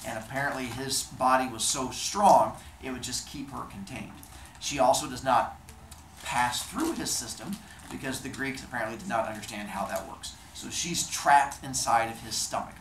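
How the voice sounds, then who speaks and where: A man's voice: mid-range voice, normal speed, a bit bright, slight background noise. A man telling Greek myths in a playful, chatty comedic style, recorded in an echoey room. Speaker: storyteller. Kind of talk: casual comedic storytelling of myths.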